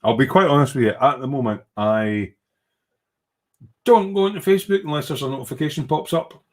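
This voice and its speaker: A man's voice: mid-range voice, fairly quick. A man hosts a laid-back livestream, chatting through viewer comments in a rambling, self-mocking way. His talk is full of casual British slang and mild swearing. He hums little tunes while he waits for pages to load. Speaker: livestream host and hobby model maker.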